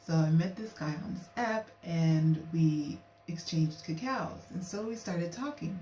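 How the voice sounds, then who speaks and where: A young woman with a low, mellow voice tells a story to camera in a chatty, animated way, slipping into quoted lines. She sits a little way from the mic in a roomy, echoey space, with faint hiss behind her. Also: unhurried, far from the mic. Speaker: vlogger.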